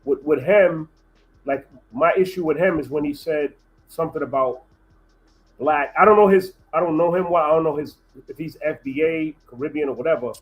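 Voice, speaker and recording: A man's voice: fairly high pitch, normal speed, rough recording. A man on a livestream panel, voicing opinions hesitantly with frequent restarts. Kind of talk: casual discussion.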